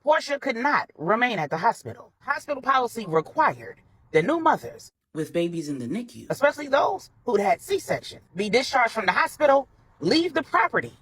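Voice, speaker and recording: A woman narrating a grown-up bedtime story in a colloquial, animated way. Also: on the high side, brisk, low-quality recording.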